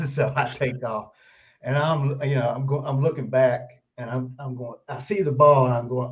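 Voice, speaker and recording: An older man, a guest author, telling animated stories in an interview and laughing often as he goes. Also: mid-range voice, normal speed. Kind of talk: storytelling interview. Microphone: video call. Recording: dull lo-fi remote call audio.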